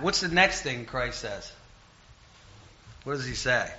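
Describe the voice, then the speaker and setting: Bright-voiced preacher man, lo-fi sound. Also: medium pitch, lively intonation, a little slow, pauses often. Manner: conversational, rises to loud emphatic retellings. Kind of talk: informal sermon.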